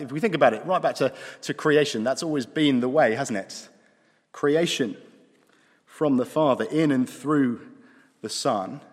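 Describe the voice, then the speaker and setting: Preacher in a reverberant hall. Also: male voice, mid-range voice. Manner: conversational, dry humour, slows for emphasis. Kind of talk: sermon.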